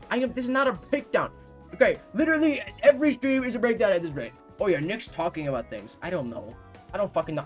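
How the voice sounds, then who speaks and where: High-voiced young man ranting casually. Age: about 19. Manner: rambling, swearing, quick to mock outrage. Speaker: livestreamer. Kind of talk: casual chat with viewers.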